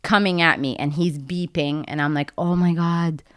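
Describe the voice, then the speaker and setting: A young woman guest on a podcast, telling a story in a casual, animated way and acting out what people said. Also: moderate pace, clear, resonant tone, no room sound, studio quality. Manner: animated, acts out her own quotes in a much higher voice.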